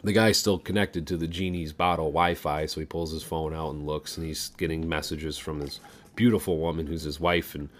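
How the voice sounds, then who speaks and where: A low-voiced man tells a long joke on a podcast. He rambles with fillers and the odd swear word, casual and unhurried. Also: steady tone. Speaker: podcast co-host.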